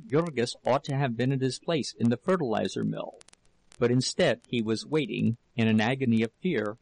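A man reading a novel aloud as narrator, in a steady, measured storytelling manner with a gravelly voice. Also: medium pitch, no room sound, poor audio. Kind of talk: audiobook reading.

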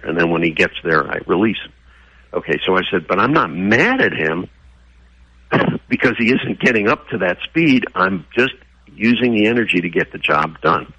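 Man, deep, bright forceful tone, animated, acts out quotes, dry sound. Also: creaky, breathy edge, no room sound, lo-fi sound. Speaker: guest, horse trainer. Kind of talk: storytelling interview answer.

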